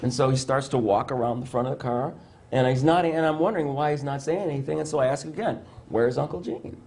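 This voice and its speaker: A middle-aged man, a psychiatrist, telling a personal story in an interview, animated and stumbling over restarts, acting out the lines he quotes. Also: mid-range voice, fast talker. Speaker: psychiatrist guest.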